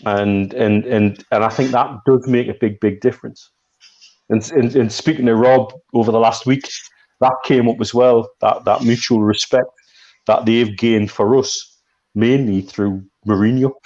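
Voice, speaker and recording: A man giving his view in casual chat, measured, often repeating small words. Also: medium pitch, steady tone, a little mellow, muffled recording. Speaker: podcast panelist.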